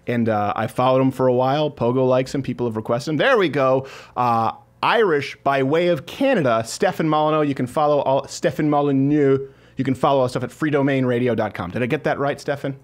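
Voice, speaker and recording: A man hosting a talk show, his voice middling in pitch. He rambles and jokes, often breaking into laughs as he banters with his guest. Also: fast talker, hardly any pauses.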